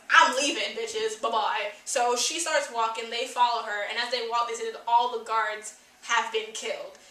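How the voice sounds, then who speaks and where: A woman's voice: a little high, roomy sound, far from the mic, poor audio. A woman giving a chatty, opinionated recap of a TV episode. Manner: chatty, opinionated, animated retelling.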